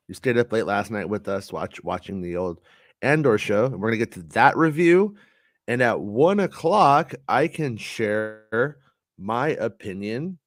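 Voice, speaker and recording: A relaxed male podcast host talks in a loose, rambling way, stopping to restart his thoughts and dropping in fillers as he goes. His voice sits at an ordinary middle pitch. It is recorded close and dry, with no room sound around it. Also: no echo. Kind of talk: casual podcast chat.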